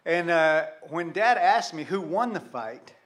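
An older man with a drawl preaches in a relaxed, conversational way, leaning on rhetorical questions and stories from his own past. His voice sits a little high for a man. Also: measured pace. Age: 60s. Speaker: pastor. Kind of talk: sermon.

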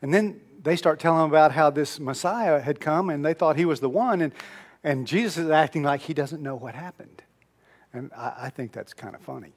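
A male pastor telling stories in a conversational sermon, moving between loud emphasis and soft, almost whispered moments. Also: a little high, brisk. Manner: conversational storytelling, swings from loud emphasis to hushed near-whisper.

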